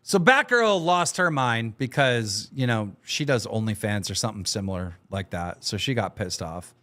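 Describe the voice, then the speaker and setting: A man's voice: fairly low pitch, expressive, moderate pace, sharp tone. A man hosting a stream, casually recapping online drama with an offhand, swearing manner. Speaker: stream host.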